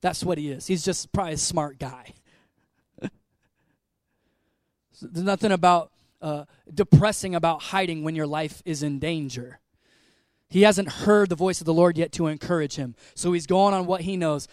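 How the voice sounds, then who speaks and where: Young man, pastor, high voice, dry close sound, casual joking sermon, energetic. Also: moderate pace, dry recording. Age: 20s. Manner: energetic, joking, conversational preaching. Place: church.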